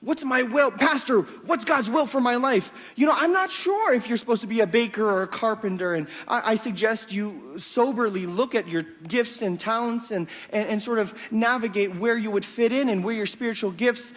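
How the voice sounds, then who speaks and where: A man's voice: sits high, brisk, hardly any pauses, fairly bright tone. A man preaching a sermon as pastor, telling a family story with repeated words and asking "amen?". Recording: long reverb of a large hall.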